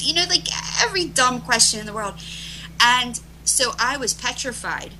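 Middle-aged woman guest, bright tense voice, kinda high, emphatic and rushing, faint hiss behind. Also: rough recording. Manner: emphatic, rushes and restarts phrases. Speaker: interview guest, event organizer. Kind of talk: animated storytelling in conversation.

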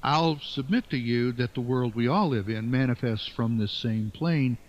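A male guest in a radio interview, thinking aloud slowly and circling back on his words. His voice sits at an ordinary pitch for a man. The recording sounds dull and muffled, as if from an older lo-fi source. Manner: halting, repeats words while searching for phrasing. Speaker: interview guest, writer and musician. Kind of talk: reflective conversational interview.

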